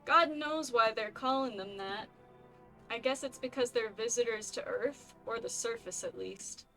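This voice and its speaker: Woman doing a chummy neighbor guy with a fake Boston twang. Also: a little high. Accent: vague put-on Boston-like accent. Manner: chummy, neighborly, a bit loud. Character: friendly, folksy male neighbor. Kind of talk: game voice acting.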